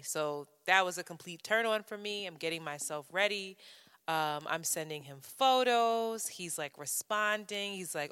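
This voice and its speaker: Podcast co-host, female, frank storyteller with a low, crisp voice in a reverberant space. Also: moderate pace, sharp tone. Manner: frank, profane, self-interrupting. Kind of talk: candid personal storytelling.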